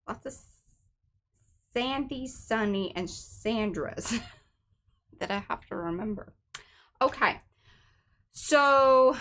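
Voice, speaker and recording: A woman's voice: mid-range voice, fairly bright tone. A middle-aged woman hosting an art livestream, chatting casually and greeting viewers one by one.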